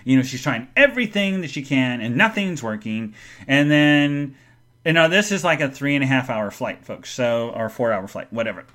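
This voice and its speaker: A man hosting a live podcast, telling a story in an animated way, speaking straight to his listeners and answering chat comments. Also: mid-range voice, moderate pace. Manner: animated, addresses the audience directly. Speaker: podcast host.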